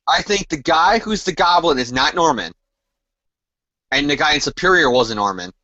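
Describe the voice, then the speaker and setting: A man co-hosting a casual comic book chat, animated and emphatic as he speculates. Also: on the high side, normal speed, dry recording, dull audio. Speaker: co-host.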